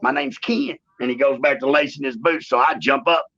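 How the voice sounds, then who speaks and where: A man, telling stories in a shoot interview in a drawling, animated way and saying "man" often. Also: fast. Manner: animated storyteller, acts out quotes in a higher voice. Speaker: interview guest, former wrestler. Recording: dull lo-fi sound.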